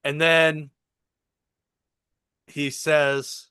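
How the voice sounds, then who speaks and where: Guy on a comics podcast getting hyped retelling a scene, swears a lot, smooth clear voice, dry close sound. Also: medium pitch, unhurried, no echo. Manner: excited storytelling, swearing, acting out dialogue. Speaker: podcast co-host. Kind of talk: casual chat, retelling a show.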